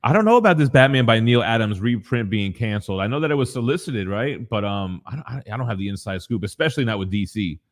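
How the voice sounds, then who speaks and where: A man's voice: lowish voice, expressive, quick pace, hardly any pauses. Slangy hype dude in his 40s on a live stream from his basement, cussing, reading chat. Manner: slangy, hype, swears freely; reads chat messages aloud. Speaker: co-host of a collectibles morning show. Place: home basement.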